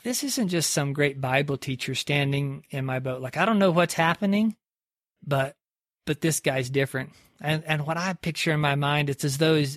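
Brief: a male preacher telling a story casually, a bit high-pitched, dry close sound. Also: fairly bright tone, no echo. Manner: conversational, lots of "like" and restarts. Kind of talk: sermon storytelling.

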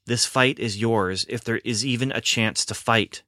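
A man voicing a solemn male Sasquatch elder in a story reading, speaking in slow, deliberate warnings. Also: mid-range voice, pushed and bright, no echo, studio quality.

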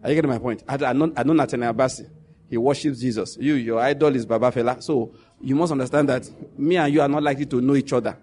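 A middle-aged Nigerian man with a Nigerian accent telling stories in a casual monologue, animated and laughing as he jumps into quoted pidgin. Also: medium pitch, fast talker, slight background noise.

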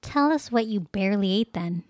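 A woman's voice: medium pitch, animated, moderate pace, no room sound. Teasing woman co-hosting a podcast. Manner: teasing, playful. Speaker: podcast co-host. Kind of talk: casual chat.

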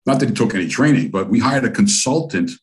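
A man's voice: mid-range voice, fast. An older man from the United States telling long, profane, rambling stories as an interview guest. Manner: profane, rambling, animated storyteller. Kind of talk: casual storytelling interview.

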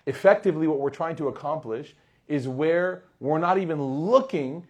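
A man giving a religious talk to a live audience, conversational and quick to act out everyday scenes in little voices. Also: a little high, a little mellow. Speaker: Islamic lecturer.

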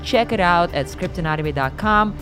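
A woman co-hosting a podcast, talking in a gushing, animated way. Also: fairly low pitch, moderate pace, over music. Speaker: podcast co-host. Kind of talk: casual podcast chat.

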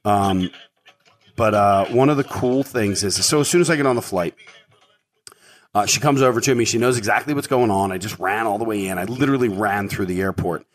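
Low-voiced rambling middle-aged man. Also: a little fast. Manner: rambling, with frequent fillers and repeated words. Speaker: podcast host. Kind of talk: casual storytelling monologue.

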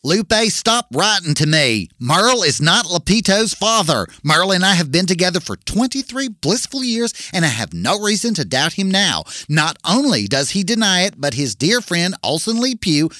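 A man's voice: sits high, bright, forceful tone, no echo, clean studio sound, exaggerated voice. A man playing a clueless, self-assured Southern woman who hosts an advice show, speaking with a Southern accent. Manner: prim, self-assured, huffy.

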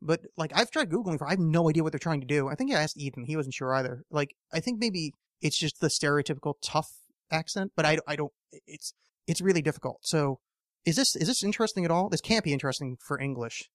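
A man's voice: a little high, lively intonation, fast, fairly bright tone, no room sound, studio quality. A man hosting a casual solo podcast, rambling and swearing often, with lots of fillers and restarts. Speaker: podcast host.

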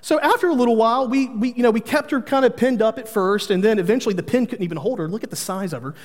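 A man's voice: extremely high pitch, quick pace, in a large hall. A man, preaching a sermon in an earnest manner, telling family stories with humor. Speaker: pastor.

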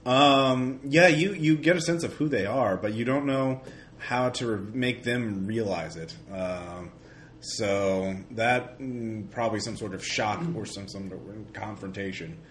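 A man running a tabletop horror game as game master, narrating in halting, restarting sentences. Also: on the low side. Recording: echoey room, faint hiss.

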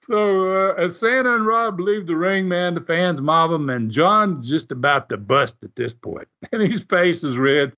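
A man with a somewhat high voice tells stories in a loose, animated way, chuckling often as he goes. The audio is muffled and lo-fi. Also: a little slow, few pauses. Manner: animated, laughs often, acts out quoted voices. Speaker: guest recounting wrestling TV history. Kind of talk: casual storytelling.

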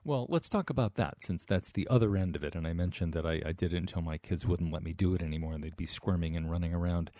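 A man hosting an interview, chatting in a relaxed, conversational way. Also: low voice, quick pace, hardly any pauses, dry recording. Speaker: interview host. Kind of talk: radio interview.

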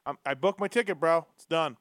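Man, podcast host, teasing, smooth clear voice, dry close sound. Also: fairly high pitch, brisk, fairly bright tone, no echo. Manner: teasing, laid-back. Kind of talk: casual chat.

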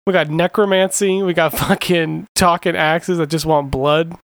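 Excited swearing man on a podcast. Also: on the high side, moderate pace, clean tone, dry recording. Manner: enthusiastic, profane, calls people dude. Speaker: podcast co-host. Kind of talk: casual chat.

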